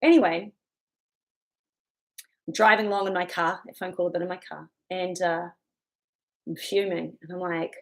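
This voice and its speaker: A woman's voice: on the low side, fairly even intonation, moderate pace, pauses often. A woman giving a chatty motivational talk, laughing often as she goes. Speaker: self-help speaker.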